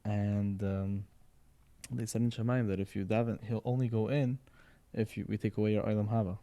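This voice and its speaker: A man's voice: fairly low pitch, little pitch movement, moderate pace, dark tone. A man in casual podcast conversation, rambling and repeating words, often checking in with "right?" and "you know". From Sephardi background.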